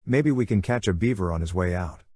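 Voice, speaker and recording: A man reading the lines of a kind, brave teenage girl in an audiobook, quick and reassuring. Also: deep voice, lively intonation, warm tone, breathy edge, no room sound, studio quality. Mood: earnest.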